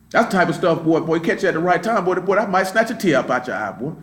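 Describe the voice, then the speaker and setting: Slangy storytelling preacher in a roomy space. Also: male voice, fairly high pitch, expressive, quick pace. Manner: loose slangy storytelling, keeps asking "you know what I'm saying". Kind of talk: informal street-talk sermon. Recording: roomy live-stream sound.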